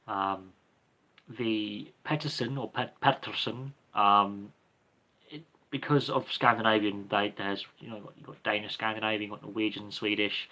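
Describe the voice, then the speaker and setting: Bright-voiced man rambling through a livestream Q&A. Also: on the low side. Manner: rambling, hesitant, many ums and restarts. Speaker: livestream Q&A host. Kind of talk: casual unscripted answering of viewer questions.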